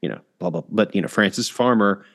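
A man's voice: fairly low pitch, brisk, fairly bright tone. A man hosting a casual podcast, rambling and self-interrupting, laughing often. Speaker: podcast host.

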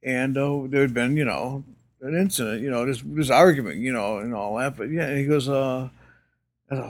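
An older man, a guest in an interview, rambles through anecdotes with lots of fillers and restarts, laughing often as he tells his stories casually. His voice is medium-pitched and fairly bright, at a moderate pace.

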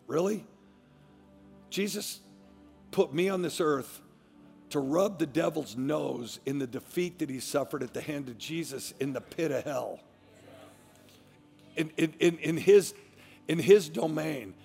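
A man preaching with fervent emphasis, his slightly high voice roughened by gravel. He drops to hushed asides, then rises to shouted declarations, with long hall reverb and faint music behind him. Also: normal speed. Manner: swings from low, quiet asides to loud shouted declarations. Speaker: pastor. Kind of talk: sermon.

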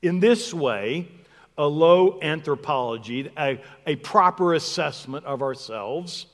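A man's voice: a little high, expressive, slow pace, fairly bright tone, big-room sound. A man preaching a sermon in a reflective, conversational way, repeating words to stress a point.

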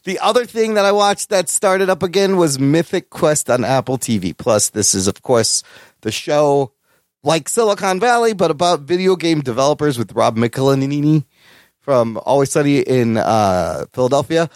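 A man co-hosting a podcast in casual chat, profane and enthusiastic, with animated swings in pitch. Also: moderate pace, no room sound, studio quality. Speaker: podcast co-host.

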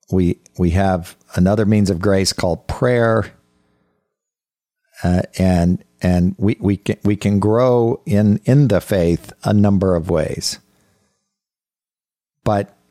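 A very deep, dark voice belongs to a man teaching the Bible conversationally on his podcast. He's earnest and halting, often repeating words as he starts sentences over, and the recording is dry without room echo.

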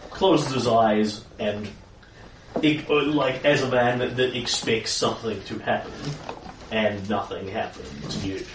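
A man's voice: on the low side, a little slow, echoey room, distant mic, noisy background. A man running a tabletop game as game master, narrating the scene in a loose, descriptive way.

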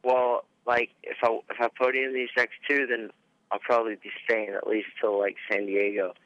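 Hesitant man with a bright, clear voice. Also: medium pitch, flat delivery, moderate pace, no room sound. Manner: hesitant, full of ums and likes. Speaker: guest motocross racer. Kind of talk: casual radio interview. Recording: dull dry radio recording.

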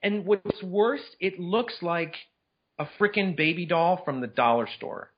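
A man co-hosting a casual movie chat, talking in excited, incredulous bursts with many restarts. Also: high voice, measured pace, dull audio, background noise. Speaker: podcast co-host.

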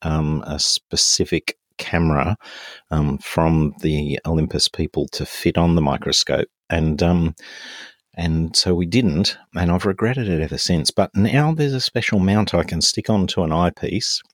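Male co-host, very deep voice, halting, teasing casual banter, dry close sound. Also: no echo. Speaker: podcast co-host. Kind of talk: casual chat.

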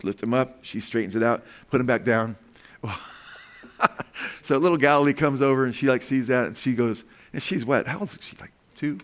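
An older male pastor delivers a sermon at an everyday middle pitch. He slips into homely family anecdotes, chuckling as he goes. He keeps pausing to ask the congregation for an amen. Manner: chuckles often while telling stories; calls out for amens from the congregation.

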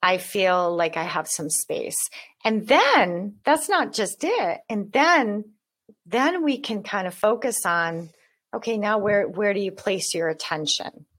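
A woman's voice: mid-range voice, animated, slow pace, a bit bright. Woman, author guest, earnest, explanatory, repeats words, conversational. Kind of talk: conversational interview.

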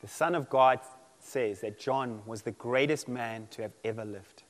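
A man preaching a sermon in an animated way, acting out quoted voices and laughing often. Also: medium pitch, unhurried. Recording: long hall reverb.

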